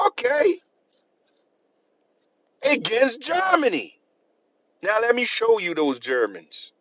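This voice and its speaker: A history channel host with a high, fairly bright voice lectures to camera. He speaks emphatically, restates his points, and asks the listener rhetorical questions, all captured in dull lo-fi sound.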